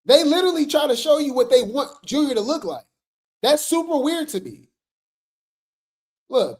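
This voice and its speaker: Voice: high-pitched, big pitch swings, normal speed, pauses often, darkish tone. A commentary host talking casually to viewers about online drama, chatty and addressing the audience often, sometimes laughing mid-sentence. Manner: chatty, addresses viewers as "y'all", filler "right?".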